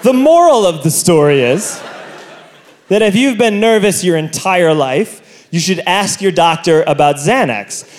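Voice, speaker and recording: Animated, high-voiced male stand-up comic. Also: a little hiss or hum. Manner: animated, self-mocking storytelling with loud outbursts. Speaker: stand-up comedian. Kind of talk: stand-up comedy routine. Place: comedy stage before an audience. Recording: live comedy show with audience laughter.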